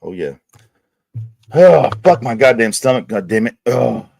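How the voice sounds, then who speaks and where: A man's voice: mid-range voice, sing-song, measured pace, gravelly, darkish tone, a little hiss or hum. A man hosting a livestream, ranting crudely and swearing constantly in casual chat. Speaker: livestream host. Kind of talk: casual profane streaming rant.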